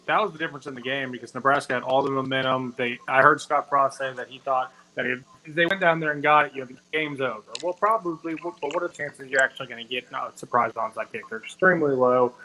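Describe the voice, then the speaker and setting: Bright-voiced man talking blunt sports takes. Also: mid-range voice, fast talker, few pauses, rough recording. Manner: blunt, opinionated trash talk. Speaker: podcast co-host. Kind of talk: casual sports podcast chat.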